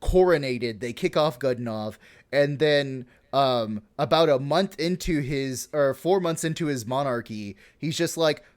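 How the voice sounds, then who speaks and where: A man's voice: mid-range voice, unhurried. A man hosting a podcast, casually retelling history with lots of swearing, laughs and fillers. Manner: profane, laughing, full of fillers. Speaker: podcast host.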